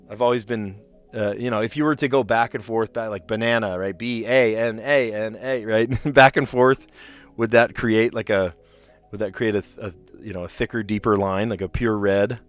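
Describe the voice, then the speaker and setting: A man's voice: fairly low pitch, fairly even intonation, a little fast, faint music behind. A man with a light New Jersey accent hosting a live stream of word puzzles, chatting casually and rambling with frequent laughs. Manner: chatty and rambling, laughs often, reads chat aloud.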